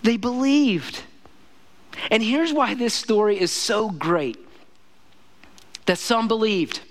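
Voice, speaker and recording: A man with a notably high voice preaches a relaxed, conversational sermon as a pastor. He repeats key phrases for emphasis and keeps turning to the congregation with "listen to me" and "man.". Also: slow. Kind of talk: casual sermon.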